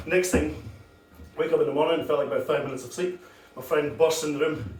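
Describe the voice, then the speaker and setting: Recorded from far back in a boomy, reverberant club with room noise and faint music behind, a young comedian works through an open-mic set of crude, self-deprecating stories for laughs. Speaking through a handheld corded mic, his slightly high voice is brisk and a little mellow, with fairly even intonation.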